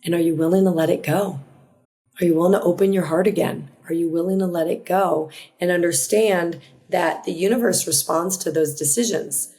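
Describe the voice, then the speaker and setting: A woman hosting a solo motivational podcast, talking earnestly and reflectively, often restarting a phrase or adding a quick aside. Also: fairly low pitch, fairly even intonation, mellow. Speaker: podcast host.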